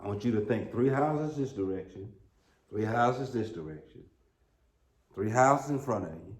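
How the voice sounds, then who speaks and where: Folksy American pastor in a roomy church. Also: male voice, fairly low pitch, expressive, normal speed. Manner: folksy, humorous storytelling with rising emphatic peaks. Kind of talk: sermon. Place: church sanctuary.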